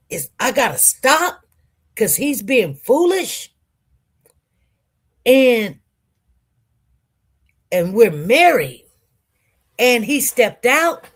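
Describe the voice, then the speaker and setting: Slow-talking, higher-voiced woman in her forties. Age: 40s. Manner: animated storytelling with colloquial speech. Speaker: witness on the stand. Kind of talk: emotional personal testimony.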